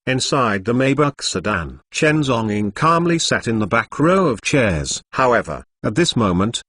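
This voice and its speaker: A man's voice: medium pitch, a bit bright, dry recording. A computer-voiced man narrating a web novel, reading out punctuation marks in stilted phrasing. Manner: reads punctuation marks aloud.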